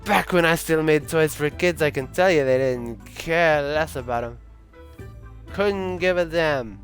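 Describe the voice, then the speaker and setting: A man's voice: fairly high pitch, a little slow, faint music behind, pitched above the performer's own voice, natural voice. A man voicing a drunk, foul-mouthed old Santa in a game, with a put-on vague European accent and slurred, rambling talk. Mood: bitter. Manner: slurred, boozy rambling with sudden outbursts. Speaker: streamer voicing a game character.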